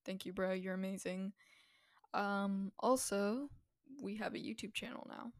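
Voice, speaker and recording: A woman's voice: medium pitch, fairly even intonation, measured pace, dry recording, studio quality. A young woman hosting a casual podcast, chatty and giggly with informal slang. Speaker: podcast host.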